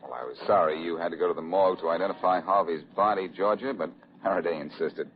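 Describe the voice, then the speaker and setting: A man's voice: deep voice, natural voice. An actor playing a breezy, wisecracking male detective in a 1940s radio drama, old lo-fi recording. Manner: breezy, teasing, quick with quips. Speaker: detective lead. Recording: dull lo-fi old radio recording with faint hiss.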